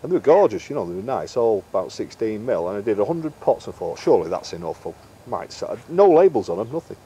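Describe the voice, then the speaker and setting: A middle-aged man spins a long, chatty anecdote, slipping into the voices of the people he quotes. His voice sits a little low. Faint background noise runs under the recording. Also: very animated, fast talker, mellow. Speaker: interview guest, carp angler and bait maker. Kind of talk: casual storytelling interview.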